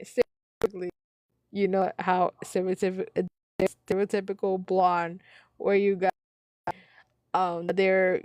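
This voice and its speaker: A giggly woman reads online posts aloud on her live stream and keeps breaking into laughter as she comments on them. She speaks slowly and unhurriedly, in a fairly high voice. The sound is dry and close, with no room echo. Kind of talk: casual reading with live commentary.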